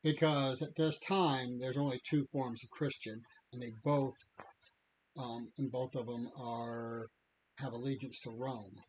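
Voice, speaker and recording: A man co-hosting a podcast, chatting and reading passages aloud in a measured, steady way. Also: mid-range voice, low-quality recording. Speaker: podcast co-host.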